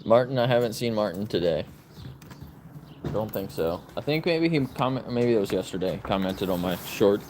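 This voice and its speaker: A man's voice: animated, moderate pace, noisy background. Chatty man talking to his dogs outdoors. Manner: chatty, switches to high sing-song baby talk for the dogs. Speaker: vlogger. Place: outdoor yard.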